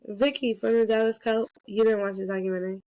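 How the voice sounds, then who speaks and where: A young woman with a hoarse voice from a cold, co-hosting a podcast in casual chat and giggling often. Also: fairly high pitch, fairly even intonation, darkish tone, no echo. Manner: giggly, drawn-out delivery. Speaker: podcast co-host.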